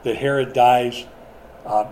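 A middle-aged pastor with a medium-pitched, darkish voice delivers a sermon in a conversational style, speaking slowly with fairly even intonation and putting questions to the congregation along the way. The recording is low quality, with slight background noise.

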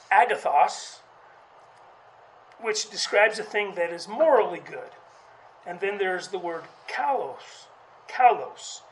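The voice is a bit bright, heard on a low-quality recording with slight background noise. It belongs to a preacher giving a conversational, halting sermon full of restarts, who acts out quotes with raised pitch.

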